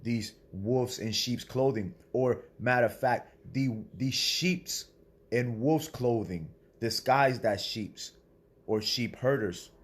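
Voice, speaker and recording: A man's voice: medium pitch, slow, husky. A man delivering a blunt, profane motivational sermon, preaching in a confrontational way to other men and swearing freely. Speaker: self-styled spiritual speaker.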